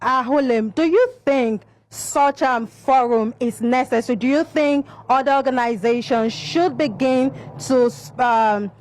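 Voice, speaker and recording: A woman field correspondent reporting live and asking direct, brisk questions of an interviewee. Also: high voice, a little mellow.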